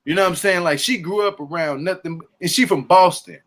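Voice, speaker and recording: A man hosting a casual podcast chat, talking in an animated, emphatic way and stressing his honesty. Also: sits high, a little fast. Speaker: podcast host. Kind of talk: casual chat recapping a reality show.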